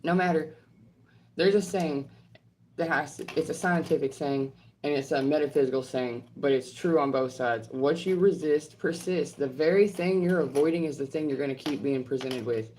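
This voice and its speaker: In a blunt, confrontational rant laced with profanity, a healthcare professional who creates online content fires back at trolls, driving her points home through repetition. Her voice sits low and is a little mellow at normal speed, with slight background noise.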